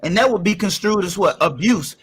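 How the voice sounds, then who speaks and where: A man's voice: high-pitched, lively intonation, brisk, a bit bright, breathy edge. A man speaking as a panelist in a heated discussion, emphatic and blunt, repeating his points and swearing freely. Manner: emphatic, repetitive, blunt and profane.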